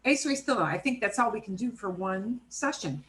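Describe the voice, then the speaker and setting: A woman's voice: medium pitch, lively intonation, a little fast, a bit bright, rough recording. A woman teaching a language class over a video call, chatty and explanatory, checking in often with "right?" and "okay?". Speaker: Spanish teacher. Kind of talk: casual online class teaching.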